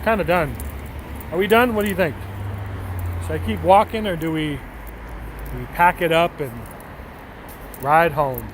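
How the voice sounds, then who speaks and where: An IRL livestreamer talks in an unhurried way, pausing often, in a voice that's a little high. He's on a city street at night answering viewers' messages, rambling, joking, and breaking into laughter regularly, with faint traffic and street ambience behind.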